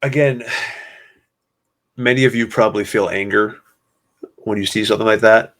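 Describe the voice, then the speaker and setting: A man hosting a solo podcast, talking in a somber, sarcastic way with many pauses. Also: lowish voice, fairly even intonation, fairly bright tone. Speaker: podcast host.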